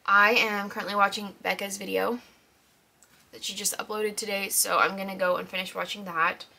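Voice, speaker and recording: A woman's voice: medium pitch, flat delivery, normal speed, vocal fry, bright, forceful tone. A woman chatting casually in a vlog about her week and her reading, talking in a rambling way with lots of fillers while congested and with a scratchy throat. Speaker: book vlogger.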